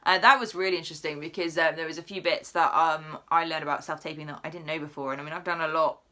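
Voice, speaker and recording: A woman's voice: low-pitched, fairly even intonation, fast, pushed and bright. A young woman, an actor, chatting casually on a vlog and dropping plenty of fillers. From England. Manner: chatty, upbeat, lots of "like". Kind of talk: casual chat.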